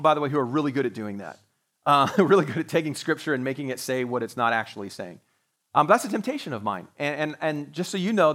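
In a live-streamed service from a church sanctuary, a pastor preaches to his congregation in a fairly high, slightly bright voice. His sermon is conversational and sprinkled with joking asides.

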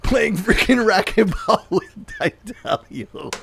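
A man's voice: high-pitched, lively intonation, slow pace, vocal fry, fairly bright tone, slight background noise. A young man hosting a podcast, teasing his guest and telling a funny story with lots of laughter. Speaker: podcast host. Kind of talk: casual podcast chat.

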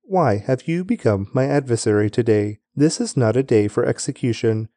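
A man's voice: medium pitch, normal speed, mellow, dry recording, close to an everyday voice. A man reading as a commanding ancient king. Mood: firm. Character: returning king, commanding but gracious.

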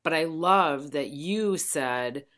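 A woman's voice: deep voice, slow pace, fairly bright tone. A woman hosting a podcast over the phone, chatting casually, rambling and swearing freely. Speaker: podcast host. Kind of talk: casual chat. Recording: phone line.

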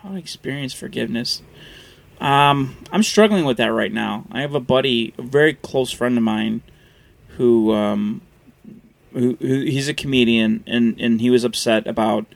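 A man on a podcast, telling personal stories in a lively way, swearing and acting out what people said. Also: medium pitch, moderate pace, vocal fry. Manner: animated storyteller, swears, acts out quotes. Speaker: podcast guest in recovery. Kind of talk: casual podcast conversation.

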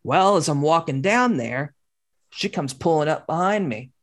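A woman telling a personal story in casual conversation, swearing often and talking in an animated, candid way. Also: low-pitched, moderate pace. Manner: swears constantly, animated, acts out quoted dialogue.

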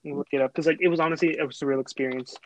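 Rambling young man, fairly high voice. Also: steady tone, rapid-fire, slight background noise, low-quality recording. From Texas. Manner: rambling storyteller, full of fillers and restarts. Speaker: host. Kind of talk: casual chat.

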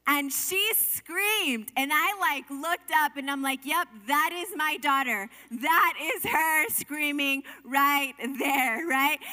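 A young woman delivers a sermon in a high, bright voice. Her delivery is earnest and chatty, with frequent asides and restarts. The sound carries a long reverb, as in a large hall. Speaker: preacher.

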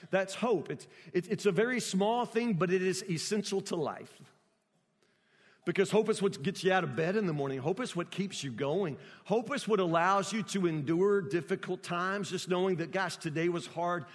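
A man preaching a sermon, emphatic and repetitive, rising at times to near-shouts. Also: sits high, big-room sound.

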